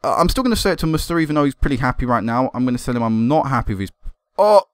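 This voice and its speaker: Excitable young gaming commentator. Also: male voice, mid-range voice, rapid-fire, clear, resonant tone, no room sound. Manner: excitable, swearing and laughing at goals. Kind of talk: casual game commentary.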